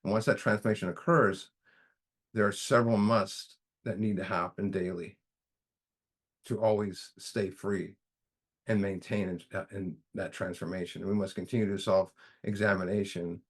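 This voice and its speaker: A man's voice: low voice, fairly even intonation, moderate pace. A man leading a recovery study group in a casual teaching manner, folksy, often repeating himself and saying "you know".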